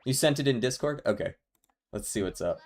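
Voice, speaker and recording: A man's voice: medium pitch, expressive, fairly quick, a little mellow. A man streaming a game, chatting casually with his viewers, laughing often and musing aloud. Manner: laid-back, laughs often, talks to chat. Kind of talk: casual live-stream chat while gaming.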